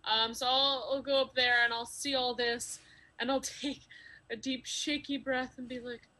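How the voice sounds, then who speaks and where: A woman's voice: high-pitched, flat delivery, normal speed, bright, forceful tone, low-quality recording. A woman playing a tabletop game, hesitant and full of fillers as she asks about rules. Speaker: player.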